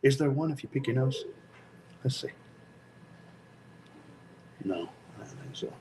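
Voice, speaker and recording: A man with a Tennessee accent hosting a casual livestream, talking slowly with lots of ums in an easygoing, joking way. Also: medium pitch, lively intonation, noisy background. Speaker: FPV drone channel host.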